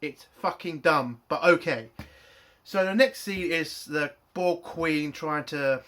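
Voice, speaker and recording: Guy doing a sweary angry tv review, bright sharp voice. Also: a little high, slow. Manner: angry, profane ranting. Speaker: TV episode reviewer. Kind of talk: spoken TV review.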